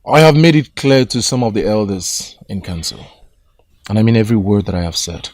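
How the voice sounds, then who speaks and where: An actor playing a young prince, speaking firmly and with measured resolve. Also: male voice, on the low side, expressive, darkish tone, dry recording, clean studio sound, natural voice. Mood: resolute. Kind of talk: Nollywood film acting.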